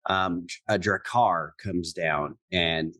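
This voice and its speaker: Low-voiced man explaining on a podcast. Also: slow pace, no echo. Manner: relaxed, explains book details. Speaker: podcast co-host. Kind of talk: casual chat.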